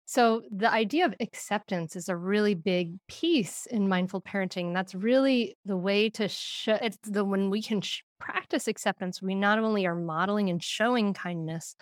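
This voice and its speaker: A woman's voice: medium pitch, moderate pace, few pauses, no echo, clean studio sound. A woman as a podcast guest, explaining in an earnest way and laughing now and then. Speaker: guest, parenting expert. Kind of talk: podcast interview.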